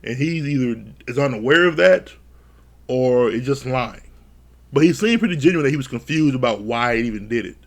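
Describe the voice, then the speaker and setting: A man reviews a reality dating show with casual, profane commentary, swearing freely and laughing often. Speaking fairly quickly at a medium pitch, he gives animated retellings that act out what the cast said.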